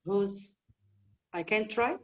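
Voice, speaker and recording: A woman student in an English class, speaking hesitantly and pausing with fillers as she searches for words. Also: mid-range voice, lo-fi sound.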